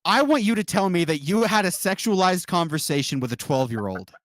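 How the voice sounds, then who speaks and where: A male streamer pressing hard with short demands and mocking asides. His pitch swings in a lively way. The sound is dry and close, with no room echo. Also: fairly quick. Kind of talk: live stream chat.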